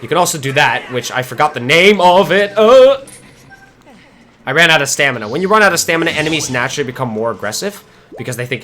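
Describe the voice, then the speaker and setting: Excitable man streaming a game. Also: on the high side, quick pace. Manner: excitable, swears and laughs often. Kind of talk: casual gameplay commentary.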